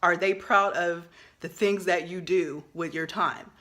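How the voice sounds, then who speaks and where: A woman in her thirties, a social worker, delivers a heated monologue to her viewers. Her voice is bright and forceful, and she cuts through the talk with blunt profanity. She speaks with urgent, driven emphasis and swells into loud outbursts. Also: lowish voice, steady tone, measured pace. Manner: passionate, emphatic, swears freely, rising to outbursts. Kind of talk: impassioned vlog monologue.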